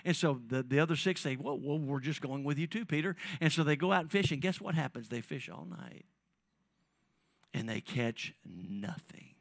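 A man preaching a sermon, calling on the congregation and swinging between loud emphasis and soft, drawn-out phrases. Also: on the high side, expressive, creaky, no room sound. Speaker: pastor.

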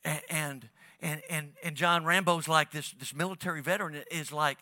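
A man giving a sermon with a bright, high-leaning voice that stumbles and restarts as he speaks. The sound is dry and close, with almost no room around it. He talks to his church like it is a chat among family. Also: fairly even intonation, no room sound. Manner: conversational, halting with many restarts. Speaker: pastor.

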